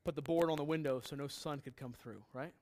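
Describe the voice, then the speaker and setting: A middle-aged male pastor teaching a Bible passage in a relaxed, conversational way, with joking asides and questions to the congregation. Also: a little high, fairly quick.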